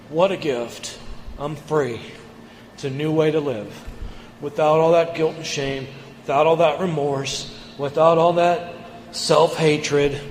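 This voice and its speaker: A man giving an earnest personal recovery share at a meeting, halting and repeating words as he goes. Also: fairly high pitch, a little hiss or hum. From United States. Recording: echoey hall, long reverb.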